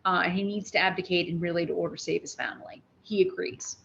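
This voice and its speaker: A woman giving a spoken history lecture, telling events as a lively story with restarts and asides. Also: fairly low pitch, fast, creaky, muffled recording, a little hiss or hum.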